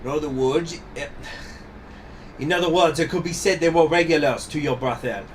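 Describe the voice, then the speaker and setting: A man's voice: a little high, moderate pace, slight background noise, pitched above the performer's own voice, natural voice. A stern revolutionary judge from a game, read by a man, cold and accusing. He presses suspects with open contempt and thinly veiled threats, in a slightly raised voice. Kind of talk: reading game dialogue aloud.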